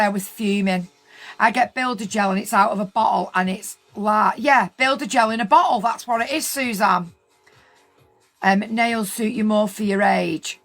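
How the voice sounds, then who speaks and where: A woman's voice: fairly high pitch, fairly bright tone. A woman, chatting casually on a livestream and telling a story indignantly, repeating her points for emphasis. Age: 50s. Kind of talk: casual livestream chat with viewers.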